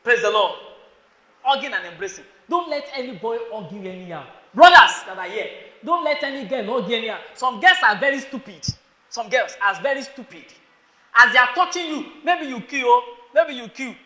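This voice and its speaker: A Nigerian man preaching to a crowd of students in an echoey hall. His voice sits very high and sharply bright. He scolds his listeners and fires questions at them. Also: expressive, a little fast. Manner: scolding, rhetorical questions, calling on listeners by name. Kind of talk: sermon.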